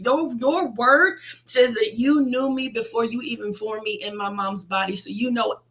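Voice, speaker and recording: Bright, gravelly-voiced woman pastor. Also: on the high side, normal speed. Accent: Midwestern American. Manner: intimate, testimony-style, prays aloud. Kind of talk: online sermon, girl talk. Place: seated at her desk.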